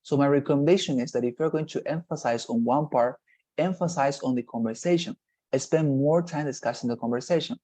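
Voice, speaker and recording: A man with a dark tone and medium pitch talks a little fast as he teaches an online exam-prep class on a video call. His style is explanatory and lengthy, with frequent check-ins, and he leans on "nonetheless" and "right?" again and again.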